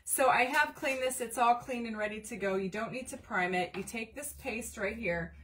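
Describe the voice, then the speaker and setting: Briskly and with few pauses, a woman with an expressive mid-range voice runs a casual craft live stream from her home craft room. She reads viewer comments aloud and chats as she works, full of fillers. She's far from the mic, and there's background noise.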